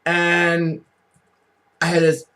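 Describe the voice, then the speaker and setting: A man casually telling rambling, joking stories on a home recording, chatty and quick to laugh at his own jokes. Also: fairly high pitch, monotone, a bit bright, smooth, rough recording. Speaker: vlogger. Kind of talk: casual storytelling.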